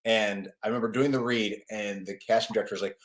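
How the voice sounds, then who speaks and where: A man from Chicago, a guest in a casual interview who talks in quick, halting bursts with many fillers. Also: on the low side, steady tone. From North Side of Chicago. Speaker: guest, actor and writer.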